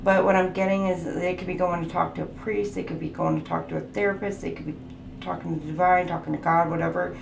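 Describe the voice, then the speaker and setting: Talking fast in a fairly low, creaky voice with a steady tone, a tarot reader works through a casual reading. She chats, laughs a lot, and lists card keywords along the way. There's faint background noise, and the recording sounds roomy.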